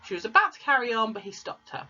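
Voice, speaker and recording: A woman's voice: fairly high pitch, big pitch swings, quick pace, sharp tone, soft background music. A woman reading a storybook aloud to children and explaining the pictures and words as she goes. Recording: dull lo-fi recording.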